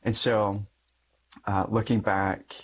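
A man's voice: fairly low pitch, little pitch movement, slow. A young adult man, a Catholic priest, giving a personal testimony in conversation, acting out the dialogue in his story with frequent light laughs.

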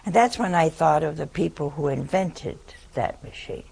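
Telling a humorous, homespun story to her audience, an elderly nun draws laughs. She speaks at normal speed in a low, expressive voice that is creaky and darkish with a breathy edge.

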